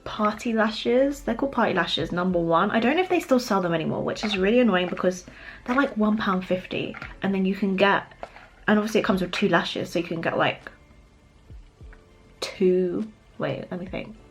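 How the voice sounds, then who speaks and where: A woman's voice: mid-range voice, moderate pace, faint music behind. Chatty British woman doing makeup. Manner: chatty, laughs often, talks while applying makeup. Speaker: beauty vlogger. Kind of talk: get-ready-with-me makeup chat.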